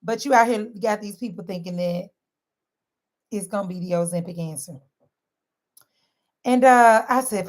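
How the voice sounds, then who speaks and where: A woman talking straight to her viewers in a lively, sermon-like way, mixing casual slang and laughter into faith-based wellness advice. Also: mid-range voice, normal speed, pauses often. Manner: animated, sermon-like, southern-inflected slang with frequent laughs. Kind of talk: lively preachy direct-to-camera talk.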